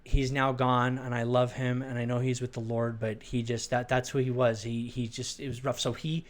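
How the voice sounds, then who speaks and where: Middle-aged man, religious testimony, rambling, halting, restarts, medium pitch. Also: flat delivery. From Arizona. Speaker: storyteller. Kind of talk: personal testimony.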